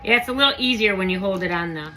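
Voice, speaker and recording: Bright-voiced, excitable woman canning at home. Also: medium pitch, quick pace, slight background noise, poor audio. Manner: chatty, gushing with excitement. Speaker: home canning channel host. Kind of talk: casual how-to demonstration.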